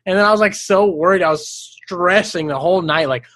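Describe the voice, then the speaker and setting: A young man with a high-pitched voice tells stories in a loose, animated way, swearing freely and breaking into laughter between sentences. The sound is dry and close on a studio microphone. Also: brisk, no room sound. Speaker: podcast guest. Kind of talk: casual storytelling chat.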